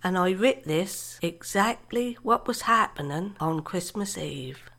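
A woman's voice: fairly low pitch, lively intonation, gravelly, fairly bright tone. An older woman, reciting her own comic poems and chatting between them in a homely, dialect-flavoured way. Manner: chatty, unhurried storytelling with dialect grammar. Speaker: poet.

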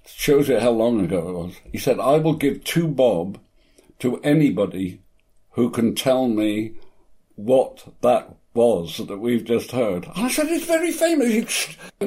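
Eighty-year-old retired actor, warm mellow tone, reflective and wry anecdotes. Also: male voice, medium pitch. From Cornwall, England. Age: 80s. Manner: reflective, wry, stammers on restarts. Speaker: retired actor, interview guest. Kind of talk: conversational storytelling.

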